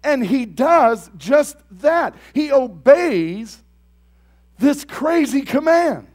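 High, lively young male preacher. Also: very slow. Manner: builds to loud emphatic bursts; conversational, asks the congregation questions. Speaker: pastor. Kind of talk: sermon.

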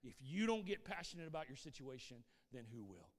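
A man's voice: mid-range voice, very animated, fairly quick, big-room sound. A middle-aged male pastor giving a sermon with a personal testimony, telling his story earnestly, stumbling over repeated words and asking the congregation "Amen?". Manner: calls himself reserved by default.

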